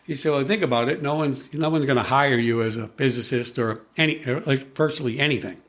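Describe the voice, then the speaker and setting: A man's voice: mid-range voice, a little fast. A man, a podcast guest, telling a long personal story in conversation, acting out other people's lines with frequent restarts. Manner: animated storyteller, acts out quoted voices, frequent restarts.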